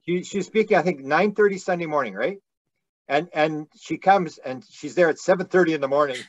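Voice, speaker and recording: A man's voice: fairly high pitch, a little fast, lo-fi sound. A man hosting a casual talk, telling a funny story with lots of laughter and repeated words. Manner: animated, laughs often, stammers and repeats words. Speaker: host. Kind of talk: casual storytelling on a video call.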